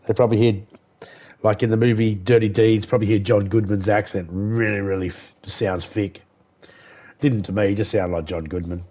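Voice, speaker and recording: Low-voiced Australian man streaming games. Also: moderate pace. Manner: relaxed, rambling, greets viewers by name. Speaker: live game streamer. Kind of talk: casual live-stream gameplay chat.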